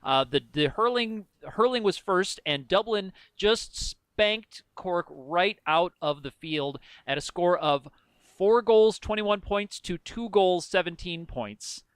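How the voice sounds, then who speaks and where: A man's voice: sits high, takes it slowly, clear, resonant tone, no echo. A man co-hosting a casual sports podcast, explaining scores and rules at length in a precise, chatty way. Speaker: podcast co-host.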